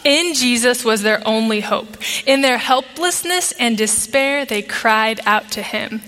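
A woman's voice: a little high, measured pace, sharp tone, slight background noise. A woman pastor preaching a sermon to her congregation, engaging them with questions. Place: church sanctuary. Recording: long reverb of a large sanctuary.

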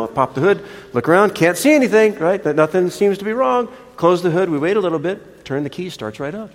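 An older man preaching a sermon, telling a story in an animated, chatty way with frequent restarts. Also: high-pitched, fast talker, few pauses. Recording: long reverb of a large hall.

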